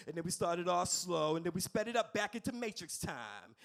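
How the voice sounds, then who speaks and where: A man performing stand-up on a club stage, his fairly high voice bouncing lively up and down. He plays to the crowd, teasing and animated, into a handheld mic. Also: brisk, vocal fry, few pauses. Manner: animated, playful, crowd-engaging. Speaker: stand-up comedian. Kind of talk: stand-up comedy set.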